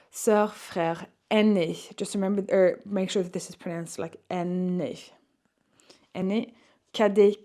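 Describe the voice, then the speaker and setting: A young woman with a slightly low-pitched voice runs a French exam-prep lesson. She explains grammar and vocabulary in English. She reads French questions aloud slowly and clearly for her students to copy. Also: mellow. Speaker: French teacher.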